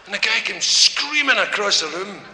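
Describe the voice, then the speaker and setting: A man's voice: high-pitched, expressive, normal speed, pushed and bright, a little hiss or hum. A man doing live stand-up, rambling through jokes and laughing at his own punchlines. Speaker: comedian and singer. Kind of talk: live stand-up with comic songs. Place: large concert hall with audience. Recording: echoey hall recording with guitar.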